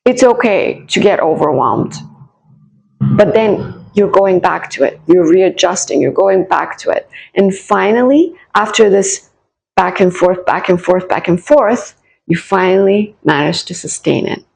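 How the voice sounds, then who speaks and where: A woman spiritual coach talks gently and directly to her audience, repeating lines as she encourages them. Her voice sits low and carries a strong gravelly fry with a husky, breathy grain. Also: lively intonation, measured pace, low-quality recording. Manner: soothing, encouraging, repeats phrases; direct address to viewers. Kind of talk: casual channeled reading to camera.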